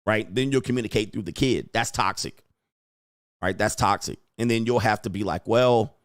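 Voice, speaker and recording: A man's voice: on the low side, moderate pace, no echo, studio quality. A man hosting a livestream commentary show, talking bluntly and emphatically and repeating his points for weight. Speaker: host.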